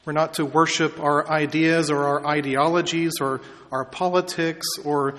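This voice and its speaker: A male pastor giving a measured sermon, stretching out key words for emphasis, in a church sanctuary. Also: fairly high pitch, level tone, fairly bright tone. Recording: long reverb of a large hall.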